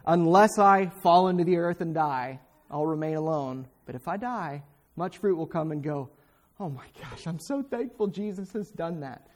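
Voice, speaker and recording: A man preaching a sermon in a fervent, exhorting way, speaking straight at his listeners with sudden emphatic bursts. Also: sits high. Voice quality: pointed, direct address to listeners.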